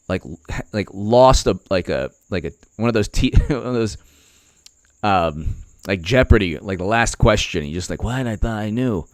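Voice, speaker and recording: A man's voice: lowish voice, clear, resonant tone, no echo. A man hosting casual political commentary, rambling with many fillers and slipping into mocking impressions.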